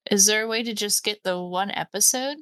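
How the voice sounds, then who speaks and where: A woman's voice: mid-range voice, fairly quick, a bit bright, no echo, studio quality. Playful woman podcast host. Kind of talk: casual chat.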